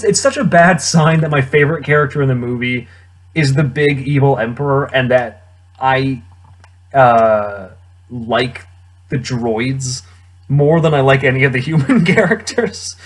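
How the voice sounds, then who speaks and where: Husky-voiced guy riffing on a movie. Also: mid-range voice. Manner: rambling, wry, chuckling often. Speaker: film reviewer. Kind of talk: casual movie commentary.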